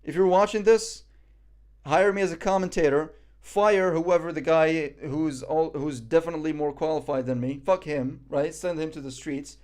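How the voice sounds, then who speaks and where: A young man from Morocco reads his live stream's chat aloud and cracks self-deprecating jokes in a casual way. His fairly high, darkish voice keeps a fairly even intonation at normal speed.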